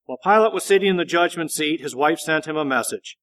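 A man reading a Bible passage aloud in a measured, steady narration. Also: fairly high pitch. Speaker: scripture reader.

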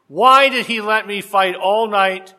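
A man's voice: high voice, measured pace, sharp tone, exaggerated voice. A man preaching voices a tired rich young man who pleads and questions plaintively.

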